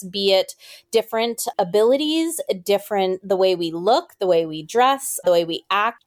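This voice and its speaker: A woman guest on a podcast, a disability advocate, talking casually with lots of fillers like "like" and "you know.". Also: mid-range voice. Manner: chatty, uses many fillers like "like" and "you know". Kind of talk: casual interview chat.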